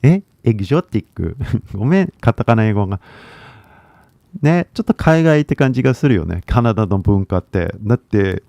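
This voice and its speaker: A man's voice: mid-range voice, dark tone, no room sound. A young man with an American accent, a YouTuber teaching English, chatting loosely on a livestream from a small sound booth, full of fillers and restarts. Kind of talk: casual livestream chat.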